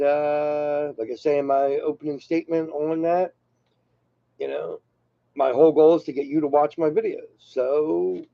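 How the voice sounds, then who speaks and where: Gravelly older man rambling on his channel. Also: a little high, dry recording. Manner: rambling, loose, self-deprecating asides. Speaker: channel host. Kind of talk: casual unscripted monologue. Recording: dull lo-fi sound.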